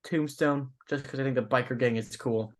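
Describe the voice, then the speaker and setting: A young man with an ordinary mid-range voice, co-hosting a podcast. He talks in a relaxed, unhurried way, pausing and hedging with fillers as he thinks. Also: medium pitch. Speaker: podcast co-host. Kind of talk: casual chat.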